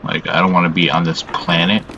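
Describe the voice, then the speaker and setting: Weary low-voiced man in a vlog. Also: little pitch movement, creaky, muffled recording, noisy background. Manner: halting, heavy on "you know" fillers, frequent swearing; weary and subdued. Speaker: channel host. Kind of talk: casual confessional vlog monologue.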